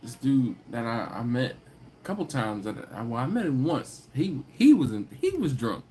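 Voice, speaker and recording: Casual live-stream host, a man, mid-pitched voice, storytelling and laughing, faint hum in the room. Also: big pitch swings, normal speed, mellow. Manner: storytelling, laughs often, acts out quoted people in a higher voice.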